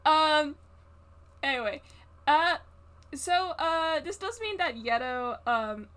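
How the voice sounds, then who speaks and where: High, bright woman running a tabletop game. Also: lively intonation. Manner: halting, many fillers and restarts. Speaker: game master. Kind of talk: narrating a tabletop role-play game.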